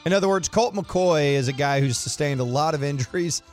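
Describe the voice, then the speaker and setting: A higher-pitched man trading sports radio banter, blunt and argumentative. Faint music plays under his voice. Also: brisk, darkish tone.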